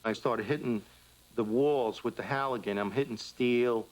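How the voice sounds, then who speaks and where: A man, a firefighter, giving a plain, steady first-hand account in a documentary interview. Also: mid-range voice, moderate pace, low-quality recording. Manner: plain, steady retelling with quoted speech.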